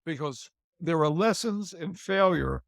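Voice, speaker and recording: A man's voice: fairly high pitch, measured pace, creaky, a bit bright, dry recording. An older man being interviewed about his career, chatting casually and repeating phrases for emphasis. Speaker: interview guest, TV host and author.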